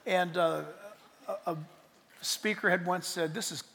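A man preaching a sermon as a pastor, animated, swinging from loud bursts to hushed asides and dropping in jokes. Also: high-pitched, takes it slowly, creaky, big-room sound, a little hiss or hum.

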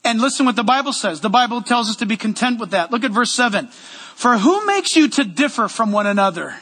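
A man preaching a sermon as pastor, energetic and loud, with joking asides to the congregation, in a church sanctuary. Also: extremely high pitch, brisk, breathy edge, long reverb tail.

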